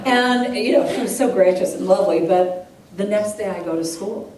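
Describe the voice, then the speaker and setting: Animated woman storyteller in an echoey hall. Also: mid-range voice, moderate pace. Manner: animated storyteller acting out voices, laughing often. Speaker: guest speaker and singer at a church service. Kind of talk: storytelling talk to a congregation. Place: church hall with a live audience. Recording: echoey hall, heard from a distance, audible noise.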